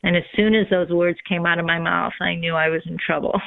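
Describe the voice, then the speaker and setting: Woman telling her faith story slow and thoughtful, lots of ums, kinda monotone, sounds like a phone call. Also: fairly low pitch, creaky, dry recording. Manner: reflective, unhurried, with frequent ums. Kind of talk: personal testimony in conversation. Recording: tinny phone line.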